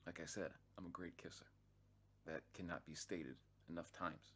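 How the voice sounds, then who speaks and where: Low-voiced man telling a rambling story. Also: steady tone, normal speed, fairly bright tone, a little hiss or hum. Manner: rambling, swears freely, many restarts and fillers. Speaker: vlog narrator. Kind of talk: casual profane storytelling.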